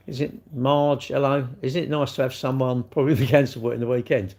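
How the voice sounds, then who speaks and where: A man's voice: mid-range voice, little pitch movement, fairly quick, hardly any pauses, darkish tone. A man with a British accent hosting a casual livestream, answering chat comments in a blunt, rambling way. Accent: British English.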